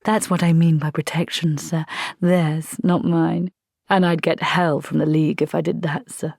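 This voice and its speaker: A woman voicing a calm, polite male vampire recruit who speaks patiently and matter-of-factly in a storybook reading. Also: sits low, normal speed, creaky, no room sound, studio quality.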